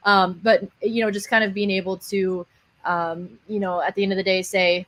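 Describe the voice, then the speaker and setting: A woman's voice: lowish voice, steady tone, fairly quick, fairly bright tone. A woman who works as a baseball broadcaster, answering questions in a thoughtful, upbeat, conversational way. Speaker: minor league baseball broadcaster. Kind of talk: radio interview guest.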